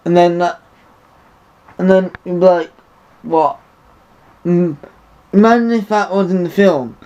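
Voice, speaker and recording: A man's voice: high-pitched, moderate pace, dark tone, clean tone. A man giving a rambling, indignant opinion monologue to camera. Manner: rambling, repeats himself, indignant. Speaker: vlogger. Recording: dull lo-fi recording.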